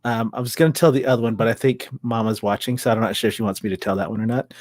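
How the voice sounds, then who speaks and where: Co-host, male, relaxed storyteller who chuckles often; dry room. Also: medium pitch, racing, dry recording. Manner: easygoing, chuckling. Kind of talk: casual chat.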